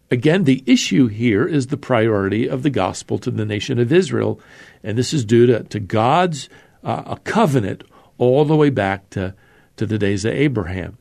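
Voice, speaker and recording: A man's voice: mid-range voice, vocal fry, a little mellow. A man teaching through a Bible passage verse by verse in a conversational, explanatory way, with fillers and restarts.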